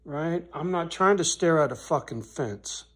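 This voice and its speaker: Man, vlogger venting on camera, swears freely, talks slowly with long pauses. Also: a little high, expressive. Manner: blunt, swearing, repeats "right?", voice swells loud when angry then drops quiet and soft; slow, deliberate delivery with pauses. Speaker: vlogger on his rural property. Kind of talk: emotional personal vlog, talking to camera.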